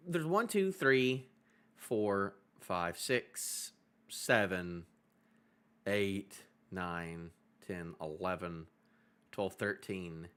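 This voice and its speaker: Excitable man with a lively, bright voice. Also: mid-range voice. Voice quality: voice clear, no longer hoarse. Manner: excitable, laughs often, reads panels aloud and riffs on them. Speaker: manga reviewer streaming live. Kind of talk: live chapter reaction stream.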